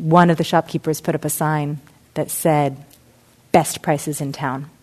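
Low-voiced woman teaching mindfulness. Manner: reflective and gently explanatory. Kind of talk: teaching talk with a parable.

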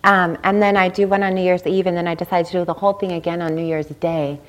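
A woman's voice: fairly low pitch, steady tone, quick pace, a little hiss or hum. A meditation teacher, a woman, giving a dharma talk at a meditation center, chatty and informal, often checking in with the listeners. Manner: warm conversational, seeks agreement with "right?".

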